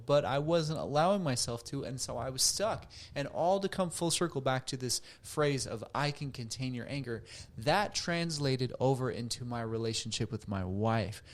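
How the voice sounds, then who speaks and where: Earnest man reflecting as counselor. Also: mid-range voice. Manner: earnest, animated when quoting others. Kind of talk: reflective monologue to camera.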